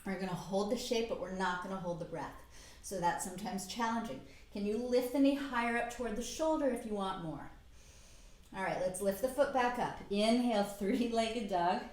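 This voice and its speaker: A middle-aged woman guiding a yoga class with calm, encouraging cues, a little out of breath at times. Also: medium pitch, moderate pace. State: slightly out of breath. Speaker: yoga instructor. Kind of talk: guided yoga class instruction. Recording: very echoey room.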